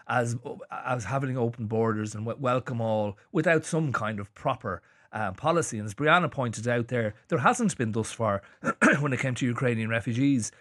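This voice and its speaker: Halting Irish man on a radio panel. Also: mid-range voice, fairly bright tone, no echo, studio quality. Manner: halting, many restarts and fillers. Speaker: journalist panelist. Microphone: studio microphone.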